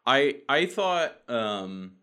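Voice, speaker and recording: A man's voice: medium pitch, big pitch swings, very slow, bright, forceful tone, smooth. A man from the American South co-hosting a casual podcast, blunt and opinionated. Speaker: podcast co-host. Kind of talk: casual chat.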